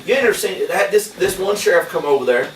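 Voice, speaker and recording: A man spins folksy tall tales in a slightly high voice, with rural grammar and an easygoing drawl. He sounds distant from the mic in an echoey indoor room, with clear noise behind him. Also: animated, fast. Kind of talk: casual storytelling at a party.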